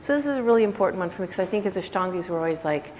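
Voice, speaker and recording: A woman's voice: lowish voice, animated, very fast, darkish tone. A woman yoga teacher giving a casual, reflective talk to her class, conversational and full of "you know"s. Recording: echoey room with faint background noise.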